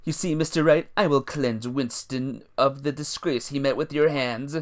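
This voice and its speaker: A man voicing a smug, pompous male prosecutor from a courtroom game, with a slow, haughty delivery. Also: mid-range voice, natural voice.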